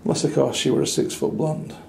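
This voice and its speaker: A fast-talking man with a slightly high, gravelly, warm voice walks through a small hotel room for a travel review. His tone is chatty and wry, full of dry asides, and the clip was recorded in an echoey small room with a little noise in the background.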